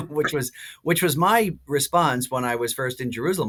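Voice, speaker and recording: A priest in his sixties, a podcast guest, telling stories in a lively way with many fillers and restarts. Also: mid-range voice, moderate pace. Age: 60s. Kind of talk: casual podcast interview.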